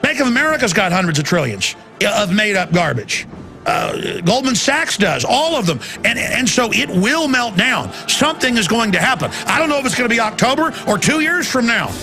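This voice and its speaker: A man hosting a talk radio show, ranting intensely in a rambling monologue that climbs to loud, excited peaks. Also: very high voice, moderate pace, faint music behind.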